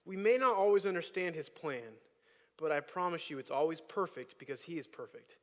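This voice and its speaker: A man's voice: on the high side, lively intonation, fairly quick. A man preaching a sermon as pastor, speaking conversationally and rising to emphatic bursts. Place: church sanctuary. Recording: long hall reverb.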